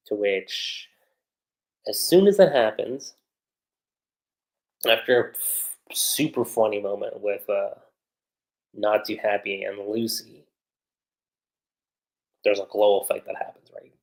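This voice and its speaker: A man hosting a livestream, recapping an anime episode in a chatty, animated way, with lots of fillers. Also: lowish voice, moderate pace, pauses often, rough recording. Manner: animated retelling with frequent fillers. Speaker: anime reviewer.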